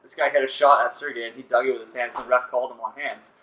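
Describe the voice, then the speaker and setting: A man with a mid-pitched, bright, crisp voice telling a funny story in a dry, deadpan way. The room sounds echoey. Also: quick pace, distant mic. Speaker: guest. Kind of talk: casual storytelling.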